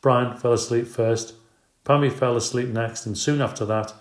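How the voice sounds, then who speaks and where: A man narrating a children's storybook in the first person at an even, measured pace. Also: medium pitch. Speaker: audiobook narrator. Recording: roomy echo.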